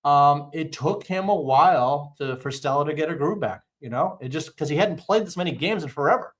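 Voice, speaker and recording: A man talks in a casual sports podcast, swearing freely and running through animated, ranting stories. His voice sits a little on the high side for a man. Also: a little fast. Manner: profane, ranting, animated storytelling. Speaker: podcast co-host.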